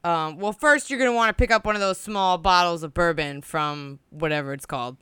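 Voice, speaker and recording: Chatty podcast co-host, a woman; bright crisp voice, dry close mic, laughs easily. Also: lowish voice, brisk, no room sound. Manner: giggly, swearing, rambling. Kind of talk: casual chat.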